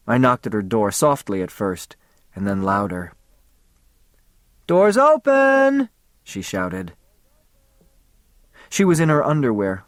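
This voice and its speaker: A man narrating a story in the first person, in a measured, intimate audiobook reading. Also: on the low side, no room sound, studio quality.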